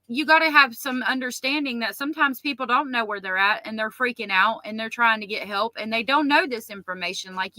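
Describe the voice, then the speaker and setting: Woman host, loud and animated, bright forceful voice, dry close sound, casual stream chat. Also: fairly high pitch, no room sound, poor audio. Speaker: livestream host reading chat. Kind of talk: casual true-crime chat.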